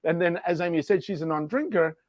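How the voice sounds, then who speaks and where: Playful male co-host, higher voice. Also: fast talker, a little mellow, no echo. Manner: playful, upbeat interjections. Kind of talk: live interview chat.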